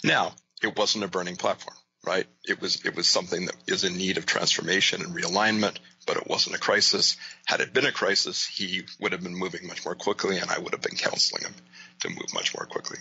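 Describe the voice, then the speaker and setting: A man's voice: low-pitched, fairly even intonation, brisk, gravelly, sharp tone, slightly rough, dull audio. A male guest in an interview, explaining his ideas thoughtfully with lots of "you know" and "right?". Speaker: guest, leadership author and coach. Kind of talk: casual interview talk.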